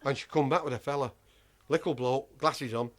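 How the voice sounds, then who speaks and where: A man's voice: mid-range voice, moderate pace. A man telling a comic anecdote to a live audience, rambling, exasperated and swearing freely as he acts out the voices of the other people in it. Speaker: comic storyteller.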